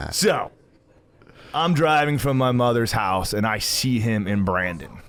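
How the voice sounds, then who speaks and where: Sitting at a gym coffee bar, this podcast co-host laughs his way through a rambling, profane story in casual conversation. He speaks slowly and animatedly, with a lowish, somewhat bright voice.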